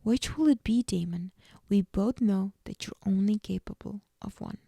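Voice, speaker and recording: A scheming, seductive female vampire, her lines read in a plain, unhurried way by a woman. The voice is mellow and gravelly. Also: mid-range voice, dry recording, clean studio sound.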